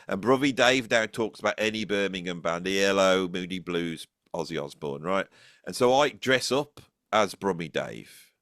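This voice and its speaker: A man hosting a casual conversation, telling animated stories and laughing often. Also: low-pitched, dry recording, studio quality. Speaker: podcast host.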